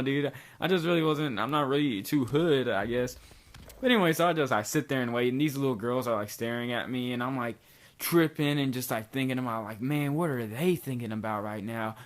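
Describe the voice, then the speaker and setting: A man's voice: mid-range voice, brisk, fairly bright tone. Rambling young man telling a story. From Kentucky. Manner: rambling, loose slang, lots of likes and dudes. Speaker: vlogger. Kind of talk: casual storytelling.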